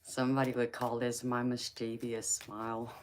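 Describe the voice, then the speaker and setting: A woman's voice: extremely low pitch, level tone, normal speed, a little hiss or hum. A woman hosting a casual live chat, teasing viewers playfully, laughing often and calling them baby and sweetheart.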